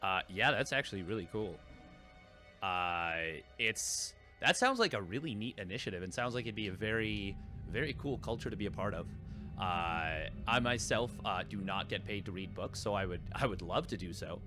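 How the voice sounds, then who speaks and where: A man's voice: on the low side, lively intonation, moderate pace, over music. A man casting a live esports match, rambling and correcting himself with lots of fillers. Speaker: esports caster. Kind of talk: live game commentary.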